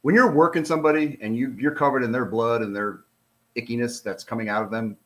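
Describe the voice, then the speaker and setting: A man's voice: mid-range voice, brisk, a bit bright. A middle-aged man, a retired police officer, gives casual commentary on a released document. He talks in an exasperated, sarcastic, rambling way.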